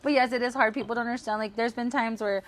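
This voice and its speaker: A woman from El Paso chats fast and easily as a podcast guest, her voice sitting a bit high. She leans on "like" constantly and laughs often as she tells her stories. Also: fairly even intonation. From El Paso, Texas, US. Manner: chatty, filler-heavy with frequent "like", laughs often. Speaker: guest, amateur race car driver. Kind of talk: casual podcast chat. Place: host's house, over drinks.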